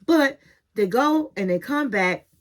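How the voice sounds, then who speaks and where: A woman with a slightly high voice gives a casual reality-show recap. She tells the story with sass and lively drama, dropping a "honey" or a "girl" as she goes. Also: slow. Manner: sassy, animated storytelling, calls viewers honey and girl. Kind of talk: casual chatty episode recap.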